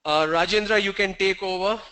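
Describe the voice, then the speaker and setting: Man, pronunciation teacher, online class, spells words out, high voice. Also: fairly even intonation, normal speed, pushed and bright, clear, resonant tone, low-quality recording. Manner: spells out words letter by letter, then says them.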